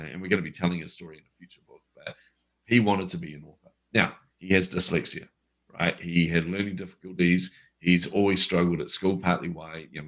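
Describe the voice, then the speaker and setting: A middle-aged man in an unscripted call conversation, telling stories earnestly with frequent fillers and restarts. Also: deep voice. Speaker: podcast co-host.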